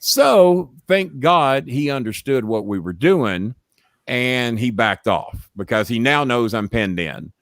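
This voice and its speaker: A middle-aged man telling a story in casual chat, profane and animated. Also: medium pitch, takes it slowly, dry recording, studio quality. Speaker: storyteller and show host.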